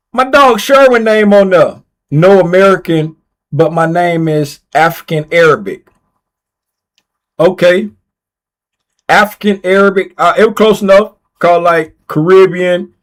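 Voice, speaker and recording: A man hosting a casual livestream giveaway, playfully reading viewer names aloud and repeating himself as he types them in. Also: high-pitched. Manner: playful, teasing. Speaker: livestream host running a giveaway.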